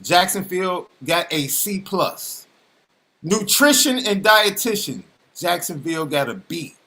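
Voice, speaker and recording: A man's voice: high-pitched, big pitch swings, unhurried, sharp tone. A man co-hosting a sports podcast, teasing his partner in casual banter, repeating himself and laughing often. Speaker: podcast co-host.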